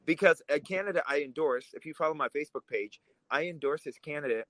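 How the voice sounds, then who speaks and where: A man's voice: a little high, fast talker, a bit bright, no echo, poor audio. A man who grew up in Russia, co-hosting a political podcast, talking in a heated, emphatic way. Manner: fired up, emphatic, swears when angry. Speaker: podcast co-host.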